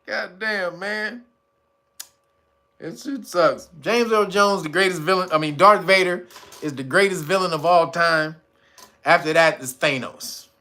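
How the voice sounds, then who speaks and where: A man in his forties hosting a casual monologue, animated and emphatic, often laughing and swearing. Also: sits high. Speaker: channel host.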